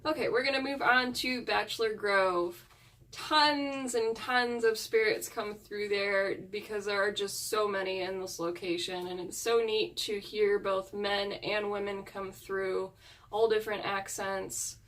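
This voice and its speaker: A woman's voice: mid-range voice, fairly even intonation, unhurried, a bit bright, recorded from a distance. A woman who hunts ghosts, talking earnestly in a casual chat with her viewers. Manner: chatty and earnest, with frequent fillers. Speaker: paranormal investigator vlogger.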